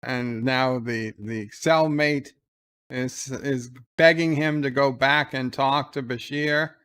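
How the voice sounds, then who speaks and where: A man's voice: mid-range voice, slow pace, smooth. A man hosting a live episode commentary, casually retelling the scenes and quoting the characters' lines in his own voice. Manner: excited play-by-play of the scene.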